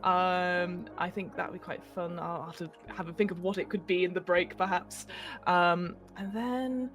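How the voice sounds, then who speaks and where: A woman's voice: fairly low pitch, steady tone, a little slow, a bit bright, soft background music. A woman hosting a livestreamed tabletop role-playing game as its facilitator, talking in a rambling way full of ums and self-corrections. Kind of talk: casual chat running a tabletop game.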